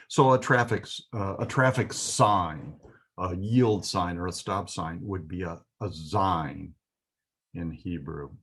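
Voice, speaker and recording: A man's voice: deep voice, slow pace, slightly rough. A man teaching a Hebrew alphabet lesson, patiently explaining and pointing out letters.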